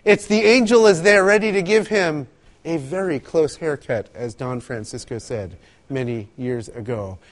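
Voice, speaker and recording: A man preaching a sermon, telling stories with animated asides and acting out quotes. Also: a little high, moderate pace. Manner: animated storytelling, acts out quotes, laughs often. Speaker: pastor.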